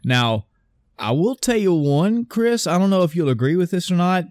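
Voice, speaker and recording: A man's voice: sits high, moderate pace, no echo, clean studio sound. A man in casual chat on a podcast, rambling through stories with lots of restarts and asides. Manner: rambling, animated storytelling with many restarts.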